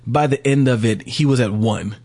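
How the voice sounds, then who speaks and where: A man's voice: medium pitch, moderate pace, darkish tone. A man co-hosting a podcast, chatting casually, rambling and laughing often. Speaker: podcast co-host. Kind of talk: casual chat.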